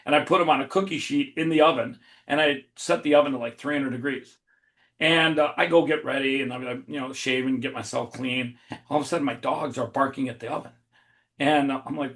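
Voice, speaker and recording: A man in a casual podcast chat, telling a long funny story in an animated way, swearing freely and laughing as he goes. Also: a little high. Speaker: podcast guest.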